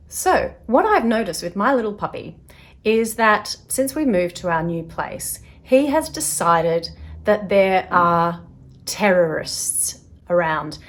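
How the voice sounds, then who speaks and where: A woman hosting a self-help video, talking casually to camera and acting out little voices as she explains. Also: fairly low pitch. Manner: chatty, acts out little voices in quotes; drops to a soft, quiet tone at times.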